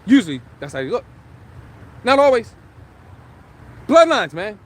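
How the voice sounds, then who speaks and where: A man giving a live religious teaching as a street preacher, emphatic, firing rhetorical questions and shouting scripture for drama. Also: sits high, very animated, unhurried.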